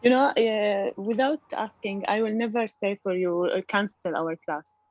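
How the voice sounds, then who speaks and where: A woman's voice: mid-range voice, normal speed, slight background noise. Hesitant woman student on a dull call. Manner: hesitant, searching for words, laughs. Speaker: student in an online class. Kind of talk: casual class debate. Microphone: video call.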